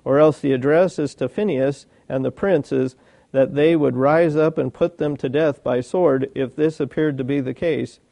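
A man delivering a sermon, moving between reading old commentary and asking his hearers questions. His voice is gravelly and warm, pitched a little high. The sound is dry and close. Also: moderate pace, dry recording. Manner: reads old commentary aloud, breaks off to ask the listeners questions. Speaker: preacher.

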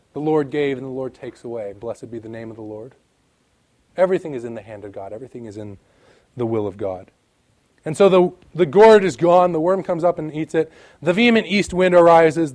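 Emphatic male preacher, higher voice. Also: a little mellow. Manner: emphatic, rising and falling, reads scripture aloud. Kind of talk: sermon.

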